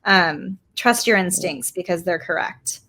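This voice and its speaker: A woman's voice: fairly low pitch, unhurried, pushed and bright. A woman artist, giving a casual live painting tutorial in a chatty, rambling way with many fillers. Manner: chatty, rambling, self-deprecating, lots of fillers. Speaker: artist teaching a workshop.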